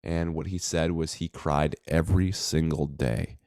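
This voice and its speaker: A man's voice: a bass voice, fairly even intonation, unhurried, gravelly, a little mellow, no echo, studio quality. A man in a casual, reflective monologue to his viewers, full of fillers and restarts. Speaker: self-help vlogger.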